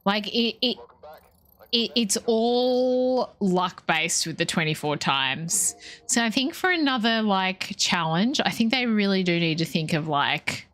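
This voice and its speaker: A woman's voice: medium pitch, fairly bright tone. Playful Australian woman streaming a game. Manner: chatty and playful, chatting with viewers. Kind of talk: casual gameplay commentary.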